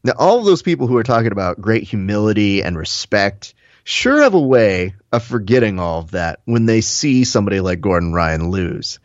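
A man co-hosts a relaxed podcast, reading out comments with wry asides. His voice is recorded close and dry, with a slightly muffled, dull tone. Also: fairly low pitch, normal speed, no room sound. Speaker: podcast co-host. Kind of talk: casual podcast chat.

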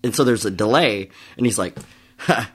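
A man's voice: fairly low pitch, normal speed, a bit bright, breathy edge. A man chatting casually on a podcast, telling a long story in a profane, rambling way and calling himself a podcast co-host.

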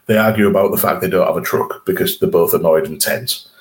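Deep-voiced man, chatty podcast host. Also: fast. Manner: chatty, laughs often, stumbles and restarts. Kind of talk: casual chat reviewing an episode.

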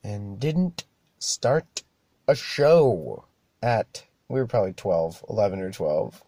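A man's voice: lowish voice, sing-song, slow pace, dark tone, no echo. A young man hosting a show alone, rambling casually, swearing often and laughing at himself. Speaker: podcast host. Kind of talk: casual monologue.

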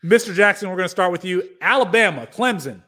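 A man with a fairly high voice co-hosts a casual sports podcast. He is upbeat and argumentative, and slips into a mock-formal courtroom tone. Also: lively intonation, fast, pushed and bright. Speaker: podcast co-host.

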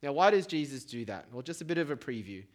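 A man preaching a sermon in a lively, conversational way, asking the congregation to repeat words after him. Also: medium pitch, fast talker. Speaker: pastor.

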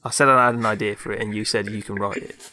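A man's voice: on the low side, steady tone, fast talker, pushed and bright. Rambling man telling a story. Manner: rambling, full of fillers and laughs. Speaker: podcast co-host. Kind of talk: casual chat and storytelling.

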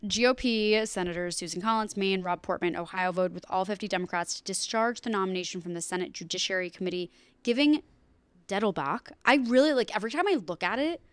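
A woman's voice: mid-range voice, fast, smooth, dry recording. A young woman, co-hosting a casual news podcast with chatty, jokey asides. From United Kingdom. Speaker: podcast co-host.

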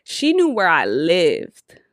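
A woman co-hosting a podcast, telling a story in a casual, animated and profane way, with acted-out quotes. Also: fairly low pitch, slow, dry recording, clean studio sound. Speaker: podcast co-host.

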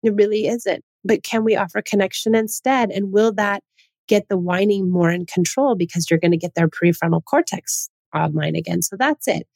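A woman's voice: mid-range voice, normal speed, vocal fry, darkish tone, dry recording. A woman hosting a parenting talk, earnest and full of rhetorical questions, often restarting her sentences. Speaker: parenting podcast host. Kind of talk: casual advice talk.

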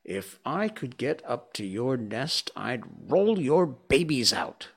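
A storyteller man gives voice to a fierce young mongoose from a storybook, brisk and impatient with his friends. His delivery is slow and deliberate, yet the pitch swings widely. He is set on a fight and wastes no words. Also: big pitch swings, creaky, breathy edge, soft background music, full character voice. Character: brave young male mongoose, fierce and practical.

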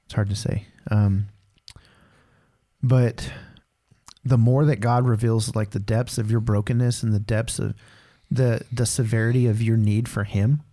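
A man's voice: on the low side, fairly even intonation, unhurried, warm tone. A man hosting a faith conversation, thoughtful and supportive, sometimes searching for words. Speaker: podcast host. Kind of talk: casual conversation.

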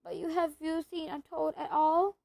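A woman's voice: extremely high pitch, little pitch movement, moderate pace, creaky, darkish tone, voice pushed up. A woman reading a storybook aloud and voicing a timid, tearful young boy who whines and pleads. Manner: whiny, wailing, pleading. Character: tearful round-faced boy, timid and miserable.

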